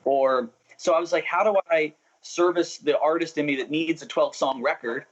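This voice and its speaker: A man's voice: a little high, moderate pace, few pauses, dull audio. A young adult man talking as a musician guest in a casual interview, chatty and self-interrupting, often laughing.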